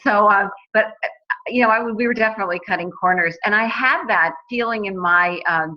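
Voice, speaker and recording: A woman's voice: lowish voice, sharp tone. A woman in her forties, telling her own story in a chatty way, with many fillers and restarts. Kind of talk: casual personal testimonial. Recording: dull lo-fi recording.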